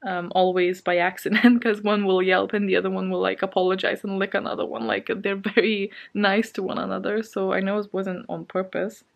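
A woman's voice: medium pitch, little pitch movement, a little fast, vocal fry, hardly any pauses. A woman book vlogger chatting casually from her bed at home, shaken and anxious, rambling with lots of fillers and nervous little laughs. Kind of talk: casual vlog chat.

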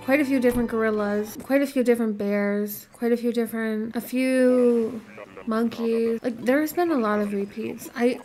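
A woman's voice: fairly high pitch, fairly even intonation, normal speed, dark tone. A woman hosting her gaming channel, reacting with dramatic, profane, exaggerated outbursts during casual game commentary.

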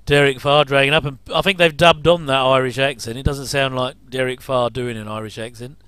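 Chatty man, smooth dry voice. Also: medium pitch, fairly even intonation, a little fast, a bit bright, no room sound. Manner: chatty, jokey asides with chuckles. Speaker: commentary host. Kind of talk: casual watch-along commentary.

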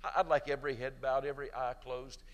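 Fervent pastor in a reverberant hall. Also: male voice, medium pitch, steady tone, fast talker. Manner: fervent preaching, swinging from loud emphatic peaks to soft pleading; leads an altar-call prayer in a hushed voice. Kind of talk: sermon.

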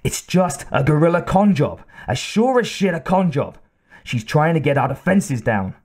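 An enraged soldier , put on by a male reader, who barks and rants in a strained, high-pitched voice. He sounds furious and cornered. The reading is from an audiobook. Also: big pitch swings, moderate pace. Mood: outraged. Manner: ranting, outraged shouting. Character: angry male soldier, loud and outraged.

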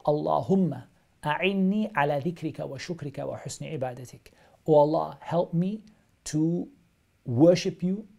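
A man's voice: fairly high pitch, gravelly, dark tone. A man teaching a live online religious lesson, explaining texts step by step and repeating phrases for emphasis. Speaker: Islamic studies teacher.

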